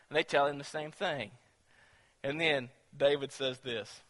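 A male preacher with a high, bright voice, telling the story in an animated sermon. He swings from hushed asides to emphatic points. The sound carries a long echo from a church hall. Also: unhurried.

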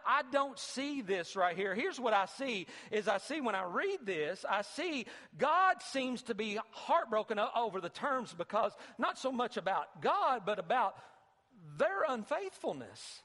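A high-pitched male pastor delivers a conversational sermon in a church sanctuary. He repeats his key phrases and breaks into emphatic, rising bursts, and his voice carries a long reverb off the hall walls. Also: sing-song, a little slow, sharp tone.

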